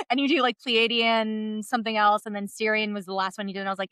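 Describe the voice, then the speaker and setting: A woman hosting a podcast, telling stories in an animated way and laughing often. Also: mid-range voice, fast talker, smooth, dry recording. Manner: animated storytelling, laughs often, many likes. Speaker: podcast host. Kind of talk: casual chat.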